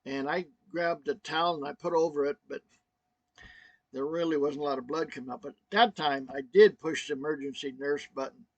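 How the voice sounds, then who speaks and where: A man's voice: on the high side, no room sound, lo-fi sound. Choked-up man telling a personal story. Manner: halting, emotional, many fillers and restarts. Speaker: vlogger.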